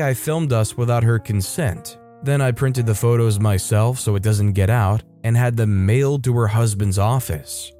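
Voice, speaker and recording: A man narrating a first-person story in an even storytelling manner, lightly voicing the dialogue. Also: mid-range voice.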